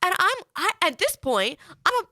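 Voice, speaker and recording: A young woman hosting a podcast, telling a story in a lively way with lots of "like" fillers. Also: very high-pitched, moderate pace, dry recording, clean studio sound. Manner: animated storyteller, many "like" fillers. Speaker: podcast host. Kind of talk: casual chat.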